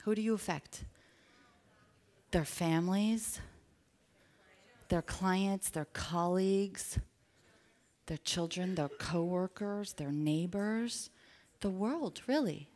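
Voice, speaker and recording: A woman business coach giving an energetic motivational seminar talk, drawing the audience in with call-and-response questions. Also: lowish voice, slow pace, long pauses. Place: live event with an audience.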